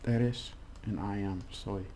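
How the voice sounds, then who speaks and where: A man's voice: lowish voice, fairly even intonation, slow pace, warm tone, slight background noise. A man giving a casual language lesson, chatty and rambling with many restarts. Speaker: language teacher.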